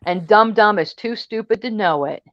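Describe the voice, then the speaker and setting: A woman's voice: medium pitch, moderate pace, a bit bright, no echo. Bossy blunt woman ranting on a live panel, muffled lo-fi stream sound. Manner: blunt, bossy and name-calling. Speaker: panel co-host. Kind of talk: casual livestream chat. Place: online livestream panel.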